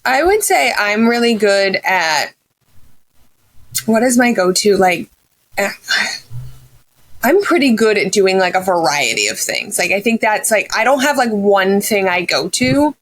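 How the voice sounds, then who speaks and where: A woman therapist on a podcast, chatty and animated as she tells a story. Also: mid-range voice, unhurried. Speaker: therapist co-host. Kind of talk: casual podcast chat.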